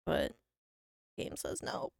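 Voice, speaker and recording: A woman's voice: takes it slowly, dry recording, studio quality. A young woman streaming a game from home, chatting casually in a rambling, mock-whiny, self-deprecating way. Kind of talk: casual live-stream chat.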